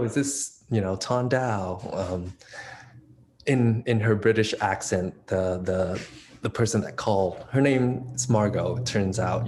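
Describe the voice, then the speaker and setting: A man's voice: on the low side, a little mellow, slight background noise. A man in his thirties speaking as an interview guest, talking casually with many fillers and restarts. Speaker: interview guest, dance choreographer. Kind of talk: conversational interview.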